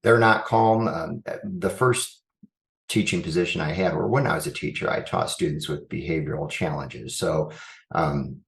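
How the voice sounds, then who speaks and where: Man in an echoey room, low voice, earnest guest who thinks out loud. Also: normal speed, creaky. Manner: earnest, thinks aloud with frequent restarts. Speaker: school superintendent guest. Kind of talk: reflective interview answers.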